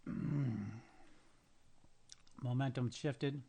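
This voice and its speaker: A man's voice: mid-range voice, fairly even intonation, extremely slow, gravelly, warm tone, husky. A man with the hiccups doing live trading commentary and muttering to himself, frustrated and cursing. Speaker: day trader streaming his trades.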